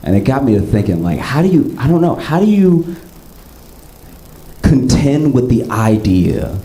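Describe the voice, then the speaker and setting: A male stand-up comedian telling stories with animated swings up into excited bits, on a comedy club stage. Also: a little slow, reverberant, poor audio. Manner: animated storytelling, jumps up high into excited bits.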